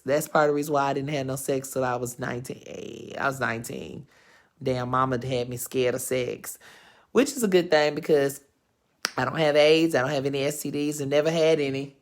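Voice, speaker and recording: A woman's voice: extremely low pitch, a little fast. Frank, profane woman vlogger in her thirties. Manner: frank and profane, rambling with lively swings in emphasis. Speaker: vlogger hosting her own live show. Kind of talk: casual storytelling to viewers.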